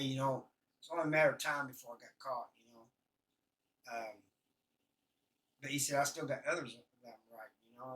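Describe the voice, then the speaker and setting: A man telling prison stories in a rambling, halting way, full of fillers and restarts. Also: mid-range voice, sharp tone, distant mic, rough recording. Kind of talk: casual storytelling.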